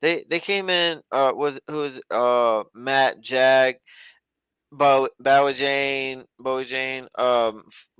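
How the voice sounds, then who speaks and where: A man with a smooth, resonant voice rambles along in a casual, folksy podcast chat. He sounds close and dry, with no room around him. His pitch sits in a middling range. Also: fairly even intonation, takes it slowly, fairly bright tone, no room sound. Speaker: podcast co-host. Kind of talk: casual chat about a reality show.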